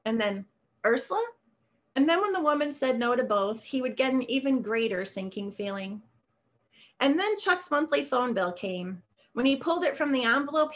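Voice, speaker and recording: Woman author reading her story, steady, bit high voice, video call. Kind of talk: literary reading.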